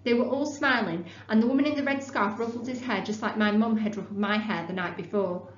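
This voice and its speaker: A woman teacher reading a children's book aloud in a clear, expressive storytelling voice. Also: medium pitch, a little fast. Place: classroom. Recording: roomy, dull lo-fi classroom recording.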